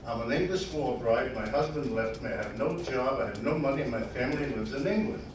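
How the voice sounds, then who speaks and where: A man's voice: mid-range voice, fairly quick, natural voice. An older man voicing a young war bride in a joke, plaintive and coy. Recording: echoey bar, far from mic, noisy.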